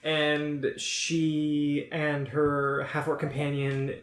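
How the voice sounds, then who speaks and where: Laughing tabletop game master, mid pitch, echoey room. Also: completely flat delivery, drawn-out words.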